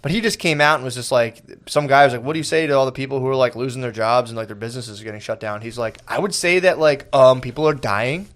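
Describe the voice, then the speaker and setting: A man's voice: mid-range voice, fairly even intonation, racing, few pauses, a bit bright. A man co-hosting a podcast, telling rambling, profane stories in casual banter and laughing as he talks. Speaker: podcast co-host.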